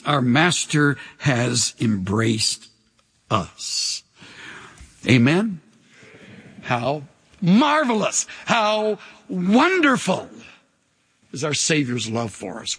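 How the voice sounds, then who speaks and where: A man's voice: high-pitched, a bit bright, husky, big-room sound. An older man preaching a sermon in a church, impassioned and leading the congregation in call-and-response. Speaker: pastor. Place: church sanctuary.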